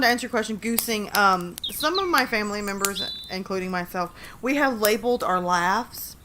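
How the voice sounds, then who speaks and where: A chatty, giggly woman hosting a casual livestream, with her voice sitting at an everyday middle pitch. She talks straight to her viewers and reads short horror stories between remarks. A noisy stream recording leaves a steady hiss under her voice. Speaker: livestream host.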